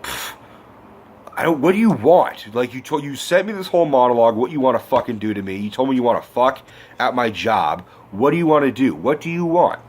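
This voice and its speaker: A man's voice: medium pitch, animated, a little fast, a little mellow, slightly rough. A man voicing a pushy, irritated teenage boy, retelling a film scene in a casual rant.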